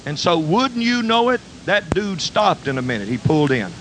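An older man preaches in a drawl, his voice sitting a touch high as he spins a folksy, animated tale. A faint hiss and low rumble run under the recording. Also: moderate pace. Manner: folksy, animated storytelling with dialect. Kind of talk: storytelling sermon.

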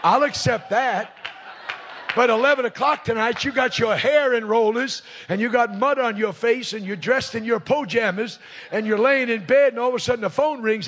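Very high, bright shouting revival preacher. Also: male voice, moderate pace, breathy edge. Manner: shouting, punchy, joking with the congregation. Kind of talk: fiery revival sermon. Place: revival crusade meeting.

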